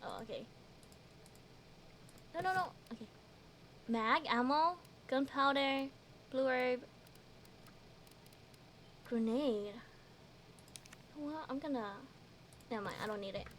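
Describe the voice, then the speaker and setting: A woman's voice: sits high, slow pace, pauses often, a bit bright, a little hiss or hum. A woman streaming a game, giggling often and chatting with her viewers as she plays. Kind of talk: casual gameplay commentary.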